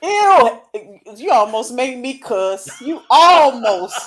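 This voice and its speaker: Woman, talk-show co-host, unhurried, casual and laughing. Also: medium pitch. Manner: relaxed, laughs often, slangy. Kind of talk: casual live chat.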